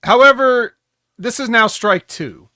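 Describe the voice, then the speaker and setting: A man's voice: very high-pitched, measured pace, bright, forceful tone, no echo. A man co-hosting a casual wrestling review show, dropping dry, joking asides. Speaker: podcast co-host.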